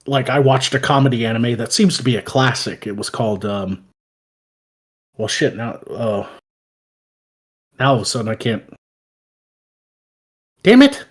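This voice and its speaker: Husky-voiced man, profane and animated. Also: medium pitch. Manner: profane, animated, laughs loudly while telling stories. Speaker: podcast host. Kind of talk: casual chat.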